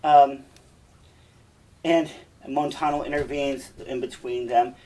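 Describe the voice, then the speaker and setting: A male teacher walks students through a play in a relaxed, chatty way, dropping asides to them. His voice sits back from the microphone in a mid-range pitch. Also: a little slow, far from the mic, poor audio. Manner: casual, chatty explaining with asides.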